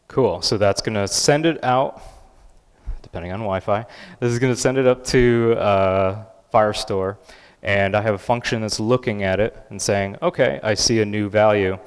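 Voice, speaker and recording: A man giving a live conference talk and software demo, casual and upbeat with many filler words. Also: on the low side, clean tone. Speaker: conference speaker. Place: large conference hall. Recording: reverberant conference hall.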